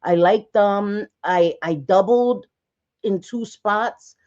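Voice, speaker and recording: A woman's voice: medium pitch, slow pace, a little mellow, lo-fi sound. A woman host chatting casually on a livestream, telling stories with frequent laughs and restarts and swearing freely.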